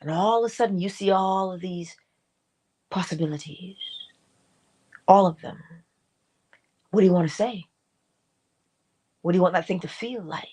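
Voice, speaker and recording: A middle-aged woman hosting a morning inspiration talk, exhorting listeners with repetition and dramatic asides. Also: breathy edge. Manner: expressive, swings between high acted asides and low soft remarks; repeats and exhorts, drawn-out emphasis. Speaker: host of a morning inspiration stream. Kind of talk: spiritual motivational talk.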